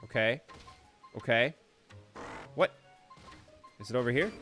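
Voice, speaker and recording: A young man streaming a game live talks in excitable bursts and playful boasts. His pitch jumps around a lot, and soft music plays behind him. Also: normal speed, long pauses. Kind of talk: live gameplay commentary.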